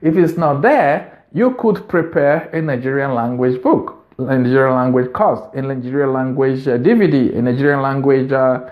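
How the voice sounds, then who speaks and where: A man's voice: mid-range voice, moderate pace, hardly any pauses, narrow, tinny audio. A man hosting a video, giving business advice in an unscripted monologue, earnest and repeating phrases for emphasis.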